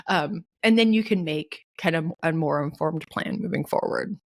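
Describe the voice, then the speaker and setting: A woman guest on a podcast giving animated, emphatic advice, laughing often and acting out quoted bosses in casual talk. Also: fairly low pitch, unhurried, creaky. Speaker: guest author.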